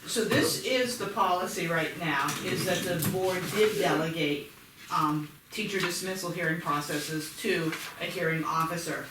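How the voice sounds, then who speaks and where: A man's voice: a little high, a little slow. A man on a school board, earnestly arguing his point in a meeting. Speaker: board member. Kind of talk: meeting discussion. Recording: echoey room from far off with background noise.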